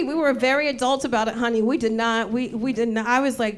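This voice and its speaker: A woman comedian hosting a live show, telling a profane, animated story and acting out the people in it. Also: fairly high pitch, quick pace, hardly any pauses. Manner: animated, profane, acts out quoted voices. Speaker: comedian host. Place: stage before a live audience. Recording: loud crowd laughter. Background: audience laughter.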